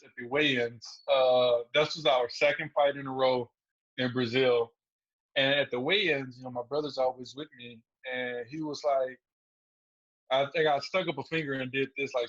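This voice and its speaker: A man's voice: mid-range voice, fairly even intonation, moderate pace, fairly bright tone, lo-fi sound. A man guest on a podcast, telling stories casually and laughing through them. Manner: laid-back, laughs through his stories. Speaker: guest fighter. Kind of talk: casual storytelling interview.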